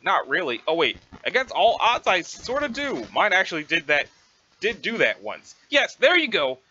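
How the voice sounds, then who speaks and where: A man's voice: sits high, wildly swooping pitch, moderate pace, sharp tone, dull audio, slight background noise, heavily acted. A man voicing a laid-back, sarcastic teenage boy who talks in a casual, ironic drawl. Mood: wry.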